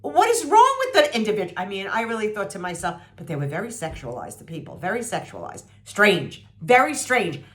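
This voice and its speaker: A woman's voice: huge pitch swings, a little fast, hardly any pauses, fairly bright tone. A woman in her sixties venting to her viewers about a TV show, blunt, sarcastic and salty, mimicking people and jumping up in disbelief. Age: 60s. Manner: blunt and salty, mocking voices, swings pitch up in disbelief. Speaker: vlogger reviewing a TV show. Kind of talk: animated, sarcastic rant to camera.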